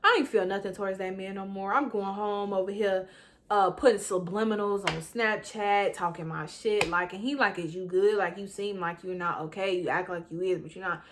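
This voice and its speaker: A woman's voice: normal speed, background noise. Dramatic young woman telling a storytime. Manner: animated, dramatic, swings between loud outbursts and low asides; casual slangy storytelling straight to viewers. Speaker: vlogger. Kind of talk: storytime vlog.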